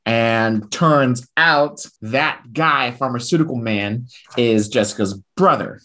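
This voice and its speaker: A man's voice: medium pitch, takes it slowly, sharp tone. A man in casual conversation, recapping a comic book plot with frequent laughs and quoted bits of dialogue. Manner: chatty, laughs often, retells with quoted dialogue.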